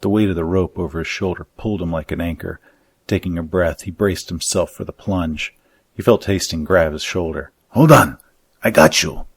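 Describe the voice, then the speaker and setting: A man reading his own dark fantasy story aloud in a measured, even audiobook narration. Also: deep voice, breathy edge.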